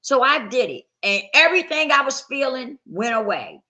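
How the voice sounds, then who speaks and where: A woman's voice: high-pitched, very animated, normal speed, pushed and bright. A woman sharing her personal testimony in candid, conversational storytelling, acting out the voices of people she quotes. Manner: conversational, acts out quoted dialogue.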